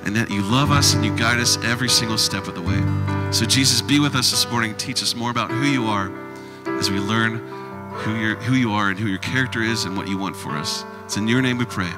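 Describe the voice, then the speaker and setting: A man leading worship, praying slowly and earnestly to the congregation. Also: lowish voice, over loud music. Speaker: worship leader. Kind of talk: spoken prayer over music.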